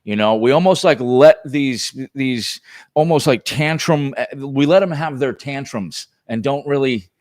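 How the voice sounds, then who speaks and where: A man speaking as a guest on a casual chat podcast, animated and heated, often restarting his sentences. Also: mid-range voice, a little slow.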